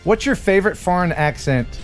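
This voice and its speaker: Man, livestream host, jokey banter, slightly high voice, faint music behind. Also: lively intonation, fairly quick. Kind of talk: casual chat.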